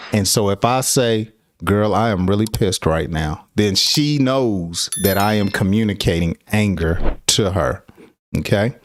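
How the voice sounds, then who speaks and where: A man's voice: on the low side, dry recording, studio quality. A middle-aged man giving a casual English lesson, laughing often and acting out angry example phrases. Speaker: English teacher.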